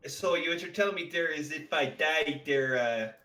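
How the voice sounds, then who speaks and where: Bright-voiced rambling male player. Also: a little high, normal speed, roomy sound. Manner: rambling, drawling with many uhs. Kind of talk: playing a tabletop game.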